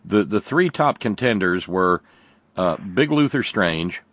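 A man hosting a radio call-in show, chatting in a halting, wry way and often repeating his words. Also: low-pitched, animated, fairly bright tone, no room sound. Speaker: radio talk show host. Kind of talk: casual call-in chat.

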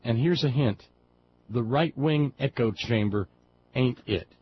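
A man from West Virginia hosts a liberal talk radio show, speaking a little slowly in a medium-pitched, slightly rough voice. His political monologue is folksy, impassioned, and full of digressions, captured in dull lo-fi sound with faint background noise.

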